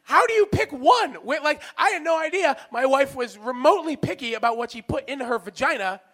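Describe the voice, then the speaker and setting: Man, stand-up comedian, very high bright voice, self-mocking, shouted punchlines. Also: lively intonation, a little fast.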